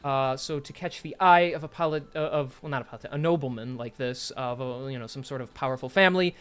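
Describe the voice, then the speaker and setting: A man's voice: medium pitch, fairly quick, fairly bright tone, clear, resonant tone. A man narrating as dungeon master in a casual tabletop session, loose and full of fillers. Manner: loose, filler-heavy narration with self-corrections.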